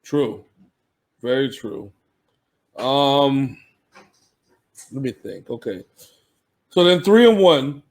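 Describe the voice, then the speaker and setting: A man's voice: mid-range voice, sing-song, takes it slowly, long pauses, a little mellow. A man co-hosting a sports podcast, talking casually and animatedly, laughing and swearing freely.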